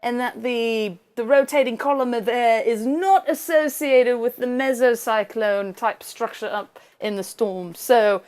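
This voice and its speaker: A woman talks through weather maps in a loose, casual screencast. Her voice sits fairly high, and she rambles, backtracks and corrects herself mid-sentence. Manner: chatty, rambling, self-correcting.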